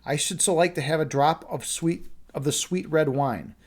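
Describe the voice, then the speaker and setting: A man's voice: fairly high pitch, normal speed, darkish tone, lightly acted. A man voicing a kind, trusting little mouse in a fairy tale, with a light, eager reading voice.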